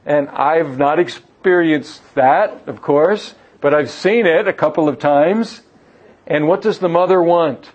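A man's voice: on the high side, unhurried. A man preaching and teaching on a Bible passage in an earnest way, asking his listeners questions and often repeating words as he restarts a phrase. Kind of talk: sermon-style Bible teaching. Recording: dull lo-fi recording.

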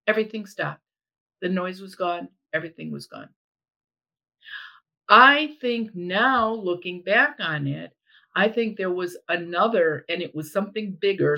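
A woman's voice: mid-range voice, low-quality recording. A middle-aged woman telling a personal story in casual chat, acting out what people said. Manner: animated, acts out quoted voices. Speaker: storyteller guest.

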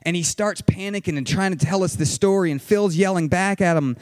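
Excited man telling a survival story. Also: sits high, brisk, hardly any pauses, dry recording. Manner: vivid, excited, acts out shouted quotes. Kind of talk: personal story told to an audience.

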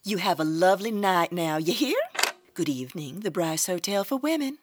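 A woman's voice: fairly low pitch, expressive, normal speed, noisy background, natural voice. A woman playing a nosy, genteel hotel desk clerk with a Southern accent in a comedic radio play. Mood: gossipy. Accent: American Southern. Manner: prim and nosy, drops to hushed gossip.

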